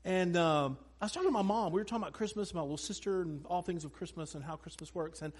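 A man's voice: high-pitched, fast talker, husky. A man preaching a sermon to a congregation from a church stage. He tells funny family stories and talks directly to the crowd. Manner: animated, humorous storyteller who talks to the congregation. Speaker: pastor.

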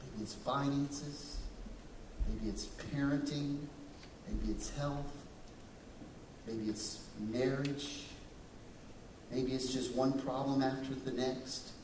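A man's voice: medium pitch, steady tone, slow, long pauses, background noise. A man preaching a sermon in a church, dramatic and questioning, slipping into voices when he quotes people. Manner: dramatic, shifts into voices for quoted figures, asks the congregation questions. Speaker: pastor. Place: church sanctuary. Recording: echoey room, distant mic.

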